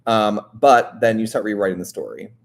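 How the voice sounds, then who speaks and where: A man's voice: fairly low pitch, fairly even intonation, moderate pace, creaky. A man hosting a wellness show, talking earnestly and directly to the listener in a casual, coaching way, often checking in with "right?". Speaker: wellness podcast host. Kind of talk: motivational casual talk.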